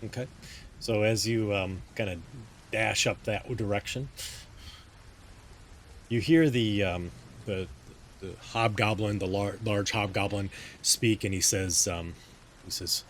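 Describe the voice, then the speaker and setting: Deep-voiced male game master narrating. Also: steady tone, slow, long pauses, slight background noise. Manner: hesitant, many ums and restarts.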